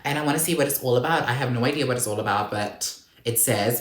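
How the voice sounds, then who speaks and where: A man's voice: medium pitch, fast. A man chatting casually about his book pickups in a playful, exclamatory, campy way, full of asides. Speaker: book vlogger. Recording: roomy echo.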